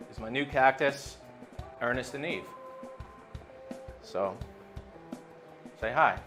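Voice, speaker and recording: A man's voice: medium pitch, a bit bright. A man who works as a bartender, talking casually and chattily while he makes a cocktail. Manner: laid-back, chatty, says "man" a lot. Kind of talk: casual cocktail-making demo.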